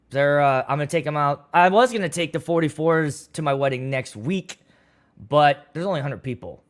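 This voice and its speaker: Male livestream host with a slightly high voice. Loose, rambling and crude, reads viewer comments on a studio mic. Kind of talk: casual livestream chat, reading viewer comments. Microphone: studio microphone.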